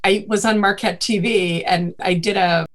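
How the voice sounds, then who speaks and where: A woman's voice: medium pitch, steady tone, moderate pace. A woman from the Boston area with a faint Boston accent, a marketing and events guest chatting in an interview, rambling with many fillers. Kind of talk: casual interview chat.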